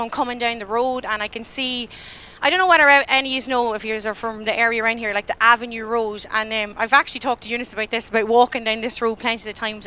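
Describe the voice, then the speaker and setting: A woman's voice: fairly high pitch, sharp tone, smooth. A young Irish woman in her twenties giving a church talk, telling a story in a chatty way and acting out her own panicked thoughts. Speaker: church speaker. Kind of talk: storytelling sermon.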